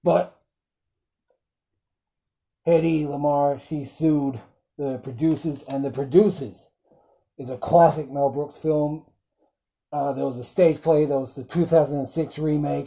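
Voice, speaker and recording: Slow, dark-voiced rambling film reviewer. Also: mid-range voice, creaky. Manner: rambling, full of fillers; fond, quotes film lines.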